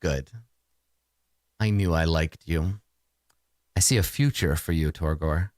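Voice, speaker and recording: A man's voice: rumbling low, takes it slowly, darkish tone, no echo, clean studio sound, voice pushed down. Man doing a purring villainous mistress. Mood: approving. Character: smug scheming noblewoman villain, cruel and purring.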